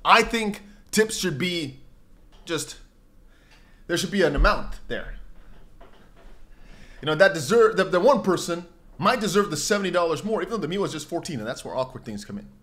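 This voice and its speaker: Young male streamer, casual and rambling, with a lively up-and-down pitch. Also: moderate pace, long pauses. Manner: animated, rambling, jumps into mock voices and exclamations. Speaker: crypto livestream host. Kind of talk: casual livestream chat, reading viewer comments.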